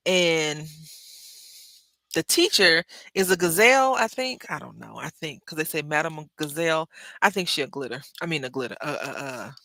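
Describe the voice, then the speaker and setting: A craft livestream host with a low, pushed, bright voice chats casually with viewers while she crafts. She rambles and corrects herself as she goes, and the recording is dry.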